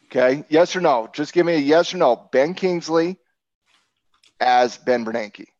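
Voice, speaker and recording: A man hosting a trading show, talking casually with his co-host, animated, sarcastic and joking. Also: a little high, a little slow, dry recording, highs cut off. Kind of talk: casual market talk with a co-host.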